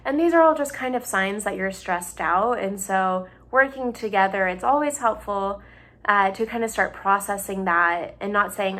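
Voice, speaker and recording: A young woman speaking from her home, talking patiently to children and families. Her voice sits at an ordinary middle pitch, and she keeps her words simple and her examples everyday. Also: moderate pace, pushed and bright. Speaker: doctoral student in psychology. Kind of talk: gentle explanatory talk for families.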